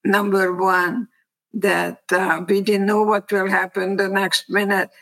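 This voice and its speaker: An older woman from Hungary tells her story slowly, pausing between plain, reflective phrases. Her voice has a gravelly, fried edge, and her pitch stays fairly flat. She speaks as a guest in an interview. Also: low-quality recording. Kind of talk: personal testimony.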